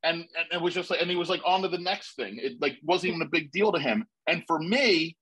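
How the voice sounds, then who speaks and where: A husky man with a slightly high voice tells a rambling, excited story to a panel. He talks loosely, restarting his sentences as he goes. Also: brisk, low-quality recording. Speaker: panel guest. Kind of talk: casual storytelling.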